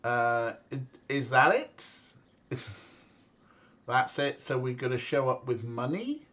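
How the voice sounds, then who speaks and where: A man's voice: medium pitch, sing-song, slow, a bit bright. A young man casually commentating a game, rambling and joking and laughing often. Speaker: let's play streamer.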